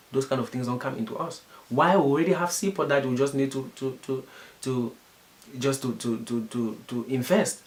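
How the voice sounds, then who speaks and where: A man's voice: medium pitch, roomy sound. A man from Cameroon with a Cameroonian English accent speaks earnestly and emphatically, often repeating words as he searches for the phrase. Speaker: interviewee. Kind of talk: impassioned commentary.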